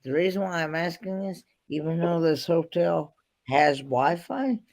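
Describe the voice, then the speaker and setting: A man chatting casually on a livestream from a hotel room, halting and repeating himself. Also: on the high side, darkish tone. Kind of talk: casual chat.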